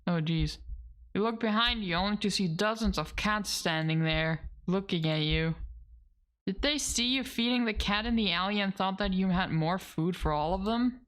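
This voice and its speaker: A woman's voice: medium pitch, normal speed, fairly bright tone. A woman streaming a game, reading its narration aloud and reacting with laughs and casual swearing. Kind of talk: let's play commentary, reading game text aloud.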